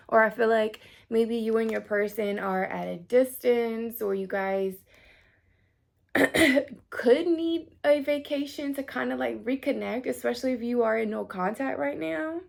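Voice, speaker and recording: A woman's voice: a little high, gravelly. A woman in her thirties giving a casual tarot reading to camera, chatty, full of fillers, and swearing now and then. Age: 30s. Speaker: tarot reader.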